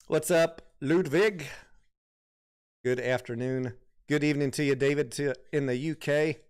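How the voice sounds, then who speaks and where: A middle-aged man casually commenting on stocks during a livestream, thinking out loud and reading viewer comments aloud. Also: fairly high pitch, fairly even intonation, unhurried, smooth. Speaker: stock market livestream host.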